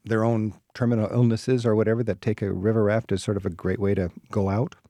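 A man's voice: lowish voice, little pitch movement, fairly quick, mellow, dry recording. A man hosting a radio travel show, asking curious questions and reading show links. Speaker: radio host.

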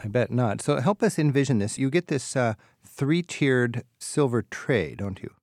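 A man's voice: mid-range voice, animated, normal speed, a little mellow, dry recording, studio quality. A man hosting a radio travel show, asking curious, enthusiastic questions and laughing easily. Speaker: radio host. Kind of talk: radio interview.

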